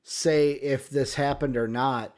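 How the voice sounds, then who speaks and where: A man's voice: medium pitch, fairly even intonation, slow pace, darkish tone. A man with a Chicago accent co-hosting a casual sports talk show, thinking aloud and rambling with plenty of fillers. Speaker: sports podcast co-host.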